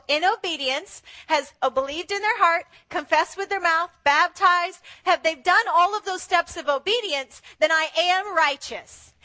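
A woman preaching an animated sermon with a very high, bright voice. She slips into other people's voices as she talks, acting out the lines she quotes.

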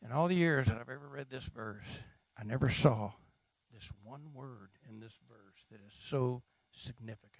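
A middle-aged man preaching a sermon, animated and humorous, asking his listeners questions. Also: medium pitch, moderate pace. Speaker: pastor.

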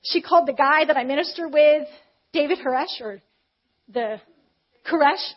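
A woman preacher telling a personal story in a conversational sermon, candid and animated. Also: high voice, moderate pace. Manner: candid, animated retelling with acted quotes. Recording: slightly dull, muffled audio.

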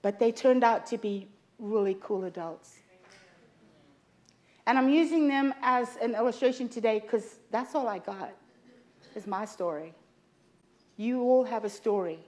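A woman's voice: fairly high pitch, a little slow, long pauses, darkish tone. A middle-aged woman preaching a sermon in church, telling personal stories in a humorous, confiding way. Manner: humorous, confiding storytelling with laughs.

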